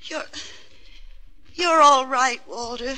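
An actress playing a worn, protective mother who pleads softly and anxiously with her son. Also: high-pitched, takes it slowly, no room sound, heavily acted. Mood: pleading.

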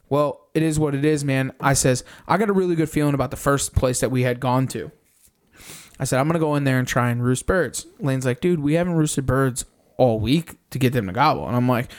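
A young man on a podcast, casually recounting a hunt in animated detail, swearing often and acting out his own reactions. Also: medium pitch. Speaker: podcast co-host. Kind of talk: casual storytelling recap.

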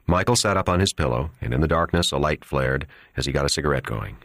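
A man narrating an audiobook in a steady, even storytelling manner. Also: rumbling low, quick pace, no room sound, studio quality.

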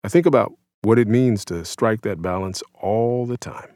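A man in his thirties from the United States reads his own essay in a low, even voice. His delivery is measured and somber, and the recording is dry and close with no room sound. He narrates with quiet reflection. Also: dry recording. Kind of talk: scripted narration.

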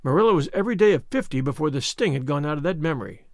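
A man narrating a classic novel in an expressive, animated storybook manner. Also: fairly high pitch, very fast, dry recording, clean studio sound. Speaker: audiobook narrator.

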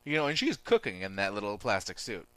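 A man's voice: lowish voice, huge pitch swings, quick pace, a bit bright, clear, resonant tone, no room sound. A man riffing on a movie for laughs with a playful, jokey delivery.

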